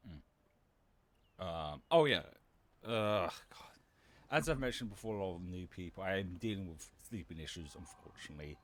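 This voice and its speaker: Deep-voiced man streamer, rambling chat. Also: lively intonation, normal speed, a bit bright. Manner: rambling, self-interrupting, giggly. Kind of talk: casual live-stream chat.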